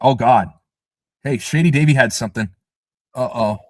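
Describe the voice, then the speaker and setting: A man's voice: mid-range voice, normal speed, dry recording. A man hosting a casual live stream, talking emphatically and scoffing as he repeats his points. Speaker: livestream host.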